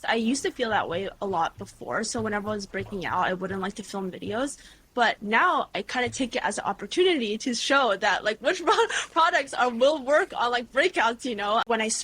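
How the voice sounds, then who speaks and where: A woman in her twenties, a guest creator, chatting casually in an interview with lively storytelling and lots of fillers. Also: fairly high pitch, normal speed, husky. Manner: bubbly, animated storytelling with frequent "like" and laughs.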